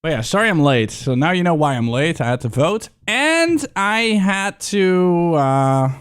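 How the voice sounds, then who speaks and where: A man's voice: medium pitch, a little fast, clear, resonant tone. A young man chatting casually on a livestream, rambling and swearing freely. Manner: excitable, swears a lot, rambling.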